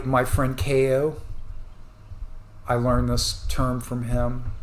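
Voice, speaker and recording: Man, commentator, earnest rambling rant with loud bursts, echoey room, faint hiss behind. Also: mid-range voice. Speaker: commentator reacting to news clips. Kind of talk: rambling ranting monologue.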